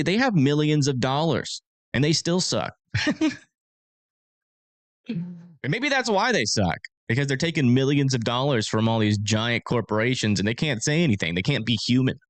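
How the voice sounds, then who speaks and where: A man hosting a casual storm-forecast livestream. He talks in a rambling, filler-heavy way, and his pitch moves a lot. The sound is close and dry, with no room echo.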